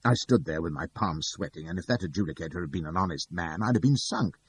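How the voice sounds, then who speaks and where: A man's voice: low voice, lively intonation, fast, breathy edge. A man reading a novel aloud in first person, with wry, dry asides. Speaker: audiobook narrator.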